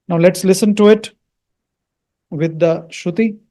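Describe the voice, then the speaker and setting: Man with a high, mellow voice slowly teaching mantra pronunciation, says "hmm?" a lot. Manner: patient, repeats words slowly, asks "Hmm?". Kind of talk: explaining and pronouncing mantras.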